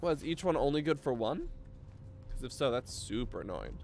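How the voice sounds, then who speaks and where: Excitable young man with a lively voice. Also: mid-range voice, normal speed, vocal fry, a little hiss or hum. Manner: excitable, swears, breaks into loud outbursts. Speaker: video game streamer. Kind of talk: casual gameplay commentary.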